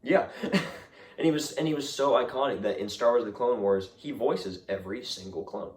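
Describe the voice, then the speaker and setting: A man's voice: medium pitch, moderate pace, distant mic. Enthusiastic man in an echoey room. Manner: enthusiastic, gushing, repeats himself. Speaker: movie review co-host. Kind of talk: casual chat.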